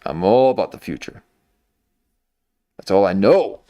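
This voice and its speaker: A man's voice: fairly low pitch, very animated, unhurried, dark tone, no room sound. A man giving rambling, mocking live-stream commentary into a desk microphone. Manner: mocking, meandering, full of restarts.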